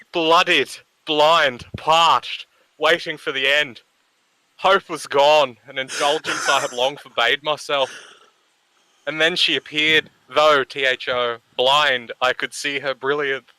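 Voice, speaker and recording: A man's voice: fairly high pitch, sharp tone, no echo, rough recording. An Australian man giving a mocking dramatic poetry reading with crude, teasing banter. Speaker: co-host on a group stream.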